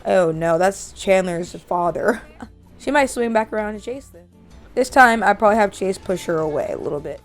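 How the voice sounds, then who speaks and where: A woman's voice: mid-range voice, expressive, moderate pace, soft background music. A woman narrating her life-sim gameplay in a casual, chatty, amused way. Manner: chatty, amused, voices characters. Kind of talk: casual let's-play narration.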